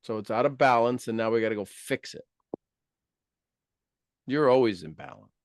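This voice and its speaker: Man, motivational coach, animated, acts out quoted voices, dry close sound. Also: medium pitch, normal speed, no room sound. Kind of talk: motivational talk.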